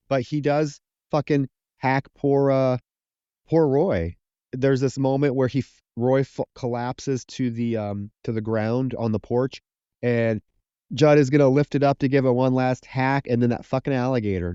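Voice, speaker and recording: Smooth mellow male podcast co-host. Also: mid-range voice, no echo, dull audio. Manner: profane, animated plot retelling with acted quotes. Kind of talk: casual film recap chat.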